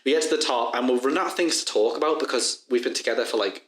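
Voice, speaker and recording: A young man with a Liverpool accent telling a story in casual podcast chat, animated and swearing freely. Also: medium pitch, quick pace. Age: young adult. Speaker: podcast co-host. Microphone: badly placed mic. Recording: echoey room.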